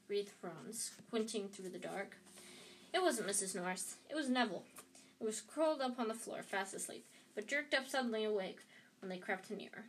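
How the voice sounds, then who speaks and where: A woman's voice: medium pitch, moderate pace, slight background noise. Woman reading a novel aloud, stumbling. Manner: stumbling, restarting phrases. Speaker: reader.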